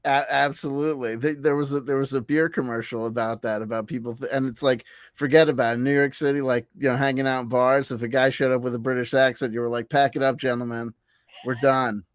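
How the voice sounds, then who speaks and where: A man's voice: medium pitch, steady tone, quick pace, few pauses, dry recording. A man with an ordinary mid-range voice trades wry, joking remarks in easy conversation. The recording is close and dry, with no room sound. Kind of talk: casual conversation.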